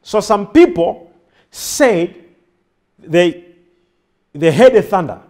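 A man's voice: sits high, animated, slow, darkish tone. A man preaching a sermon to a congregation, repeating his phrases and firing questions back at the crowd. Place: church before a congregation.

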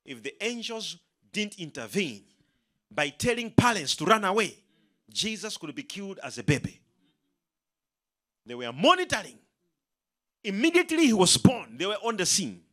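Man, pastor, high voice, animated delivery, bright tone, emphatic sermon. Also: normal speed, pauses often. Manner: emphatic preaching, leads congregation in call-and-response.

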